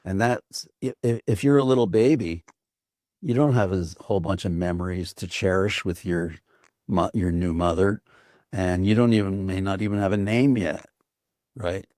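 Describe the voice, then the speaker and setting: A man's voice: low-pitched, moderate pace, a little mellow, dry recording, studio quality. An older man, an author guest, telling a story in an earnest, reflective way, with frequent restarts. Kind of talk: reflective conversation.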